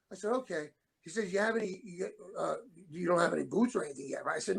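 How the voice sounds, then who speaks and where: A man's voice: sits high, expressive, fast talker, vocal fry, slightly rough. A middle-aged man co-hosting a talk show, telling rambling stories and acting out the dialogue he quotes. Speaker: show co-host, former wrestler. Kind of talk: casual storytelling.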